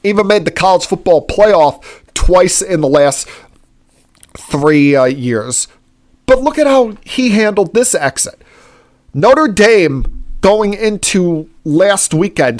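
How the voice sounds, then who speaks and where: Slow, opinionated male sports-podcast host. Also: high voice. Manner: opinionated, indignant ranting with frequent fillers. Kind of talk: solo sports-talk monologue.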